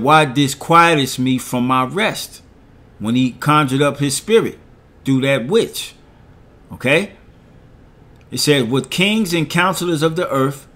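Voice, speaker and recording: A middle-aged man delivers a sermon. He reads scripture in a slow, measured way and comments on each verse. He keeps checking in with his listeners by asking "all right?". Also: medium pitch, a bit bright. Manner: reads verses slowly, asks "all right?" after nearly every point. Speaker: preacher.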